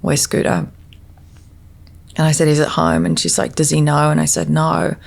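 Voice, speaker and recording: A woman podcast guest telling her personal story in a halting way, often restarting her sentences. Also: low-pitched, level tone, gravelly.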